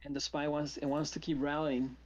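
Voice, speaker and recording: A man's voice: fairly high pitch, a little fast, muffled recording. A man hosting a live trading stream, chatting casually and telling stories with acted-out quotes. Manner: animated storyteller, acts out quotes.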